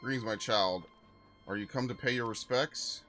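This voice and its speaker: A man's voice: mid-range voice, sharp tone, faint music behind, close to an everyday voice. A man reading out a solemn male tomb keeper's formal account. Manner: formal, measured storytelling.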